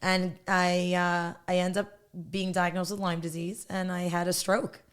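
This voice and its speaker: A woman's voice: on the low side, little pitch movement, measured pace, clean tone. A woman in her thirties, a podcast guest, telling her story bluntly and candidly, laughing often.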